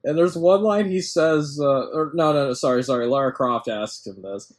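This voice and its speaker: A man's voice: medium pitch, normal speed. A man co-hosting a podcast, chatting casually about a film, rambling, incredulous, swearing and laughing as he goes. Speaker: podcast co-host. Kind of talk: casual film review chat.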